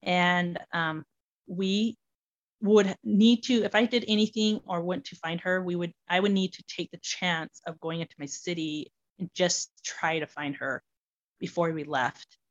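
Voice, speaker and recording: A woman telling her personal story as an interview guest, animated and full of fillers like "like". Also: on the low side, measured pace, highs cut off. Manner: animated, many fillers such as "like".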